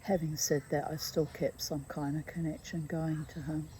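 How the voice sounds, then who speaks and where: A middle-aged woman reading aloud from her own memoir, reflective and halting, with frequent asides. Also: low-pitched, little pitch movement, dark tone, slight background noise, rough recording. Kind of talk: personal storytelling read aloud.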